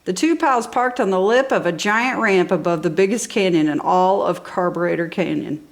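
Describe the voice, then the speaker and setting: A woman reading a children's storybook aloud in an enthusiastic, expressive way. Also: on the low side, moderate pace, gravelly. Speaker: storybook reader.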